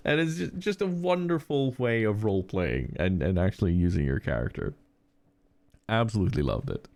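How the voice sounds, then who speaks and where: Low-pitched male podcast co-host, dry recording; loose, rambling storyteller who restarts sentences. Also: very animated, moderate pace, creaky, long pauses, darkish tone, no echo. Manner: rambling anecdotes with frequent fillers and restarts. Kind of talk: casual chat.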